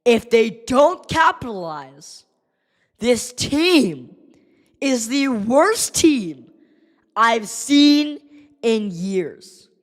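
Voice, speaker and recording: A woman streaming live hockey play-by-play, exasperated and ranting at the team, her voice going hoarse. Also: fairly high pitch, sing-song, drawn-out words, in a large hall. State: losing voice.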